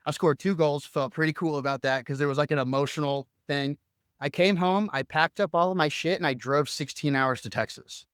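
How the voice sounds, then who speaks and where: A man's voice: on the high side, a little fast, a bit bright, clear, resonant tone, no room sound, clean studio sound. A young adult man co-hosting a podcast, telling a personal story casually and animatedly, full of fillers and acted-out quotes. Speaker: podcast co-host.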